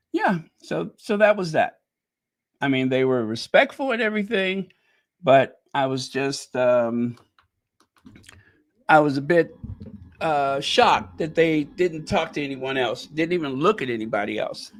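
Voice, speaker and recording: A middle-aged man from Chicago telling a rambling personal story in a casual monologue, animated and quick to laugh at himself. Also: mid-range voice. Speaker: channel host.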